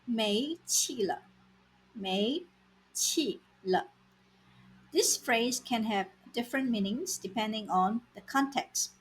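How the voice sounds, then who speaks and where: A woman teaching vocabulary in a scripted lesson, saying words slowly and repeating them for learners. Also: on the high side, slight background noise, rough recording. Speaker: language teacher.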